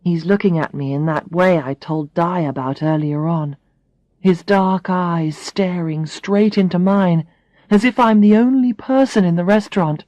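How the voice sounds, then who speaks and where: A woman reading a first-person story aloud for English learners, clearly and expressively. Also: lowish voice, unhurried, a little mellow, no room sound. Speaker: audiobook reader.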